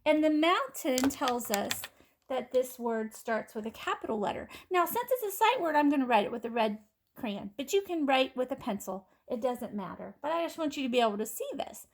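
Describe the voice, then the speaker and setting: A woman teaching kindergarten children phonics, sounding out letters and words slowly and clearly in a patient, encouraging way. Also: high voice, big pitch swings. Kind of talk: phonics lesson for young children.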